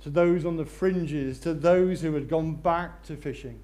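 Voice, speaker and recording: A male preacher delivers a sermon with a voice sitting a little high for a man. He is animated, surging into loud, excited stretches and then dropping to hushed intensity. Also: measured pace.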